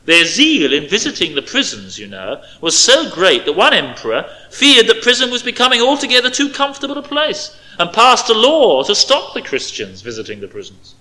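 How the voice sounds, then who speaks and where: Emphatic man preaching, lively pitch. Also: poor audio. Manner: emphatic, rising on key words, dropping to quiet asides. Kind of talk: expository sermon.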